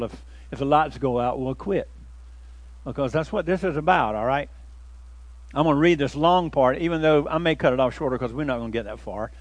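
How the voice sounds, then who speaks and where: A man preaching a sermon as pastor, folksy and conversational, breaking into loud emphatic bursts. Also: a little high, dry recording.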